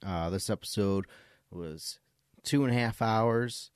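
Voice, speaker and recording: A man's voice: on the low side, takes it slowly, clear, resonant tone, no room sound, studio quality. A man hosting a casual podcast, trading jokes and tangents with his co-hosts and laughing often. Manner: jokey, laughing, wanders between tangents. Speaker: podcast host.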